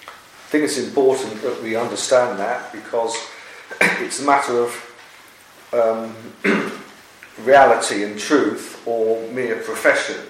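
A man leading a Bible study discussion, speaking in a measured, earnest way with frequent pauses. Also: medium pitch, steady tone. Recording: echoey room, distant mic, faint hiss.

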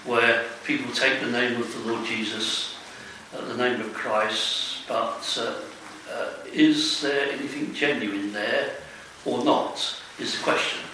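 Man, bright voice, very slow and halting, Bible study comments, far from the mic, strong echo. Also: mid-range voice, steady tone. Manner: halting and hesitant, with many "uh"s. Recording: echoey room, distant mic, faint hiss.

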